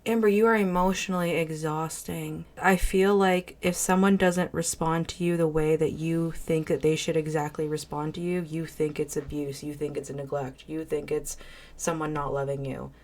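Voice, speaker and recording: Low-voiced woman giving blunt reaction commentary. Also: a little mellow. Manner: blunt, exasperated and sarcastic.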